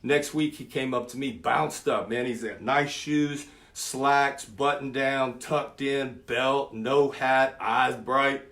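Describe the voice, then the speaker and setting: A preacher in his fifties telling a vivid story in a sermon, dropping to a hush for effect. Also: medium pitch, steady tone, takes it slowly, few pauses. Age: 50s. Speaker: preacher and youth speaker.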